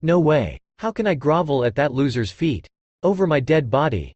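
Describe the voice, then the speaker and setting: A man plays a proud, sneering young man in an audiobook. His talk is scornful and biting, with a lively, rising and falling pitch. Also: moderate pace, no echo, dull audio. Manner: scornful, pleading. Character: arrogant young man, sneering then cornered.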